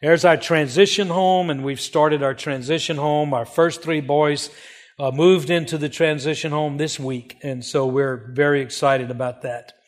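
Older male missionary, fairly high pitch, earnest heartfelt storyteller narrating slides to supporters. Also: fairly even intonation, measured pace. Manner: earnest, emotional storytelling with repeated phrases.

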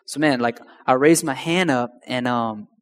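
A man's voice: medium pitch, measured pace. A young man telling his personal testimony in a slangy, conversational way that addresses the crowd directly. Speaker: speaker sharing a testimony. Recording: long hall reverb.

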